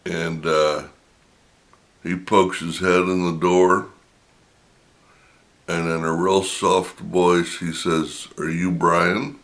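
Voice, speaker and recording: Man, middle-aged, deep gravelly voice, unhurried, drawn-out anecdote. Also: little pitch movement. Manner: slow, drawn-out anecdotal telling with chuckles. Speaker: storyteller. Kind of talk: casual personal storytelling.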